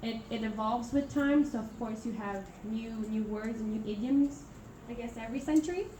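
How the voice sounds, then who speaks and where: A woman's voice: fairly high pitch, moderate pace, warm tone. A young woman from Italy giving a classroom presentation, hesitant and full of fillers and restarts. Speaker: international student presenter. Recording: echoey room from far off, noisy.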